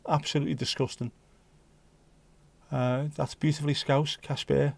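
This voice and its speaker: A man's voice: mid-range voice, flat delivery, normal speed, gravelly, darkish tone. A man hosting a casual livestream, reading out viewer comments with jokey banter and slipping into bits of Dutch and Spanish. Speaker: livestream host.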